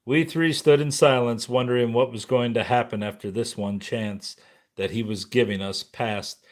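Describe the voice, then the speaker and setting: A man narrating a memoir audiobook in a somber, measured way. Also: medium pitch, steady tone.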